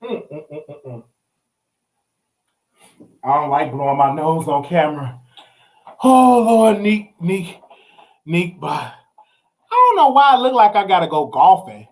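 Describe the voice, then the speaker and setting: A man hosting a casual live stream, excitable and chatty, breaking into shrieks and repeated exclamations as he talks to viewers. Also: fairly high pitch, unhurried, long pauses. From Texas. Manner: chatty, addresses viewers directly.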